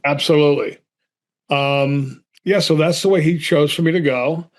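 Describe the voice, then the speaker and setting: A man from Boston with a slightly raised pitch recounts a story for an interviewer. He slips into the voices of the people he quotes and stumbles over his words when worked up. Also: moderate pace. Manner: animated, acts out both sides of phone calls, stammers when excited. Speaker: actor guest.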